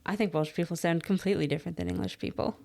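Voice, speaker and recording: A woman's voice: lowish voice, very fast, creaky, dark tone. A woman in a casual podcast chat, co-hosting and explaining things at length in a chatty, opinionated way. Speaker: podcast co-host.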